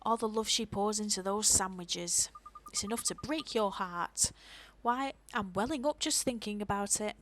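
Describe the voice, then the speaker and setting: A woman's voice: medium pitch, normal speed, fairly bright tone, a little hiss or hum, close to an everyday voice, rough recording. A woman voicing a kindly, gossiping old woman neighbor in a video game, fussing and sympathetic. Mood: gossipy.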